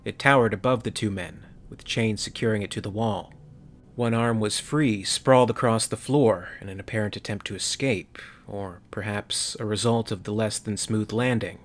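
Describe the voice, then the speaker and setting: Low-voiced male story narrator. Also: normal speed.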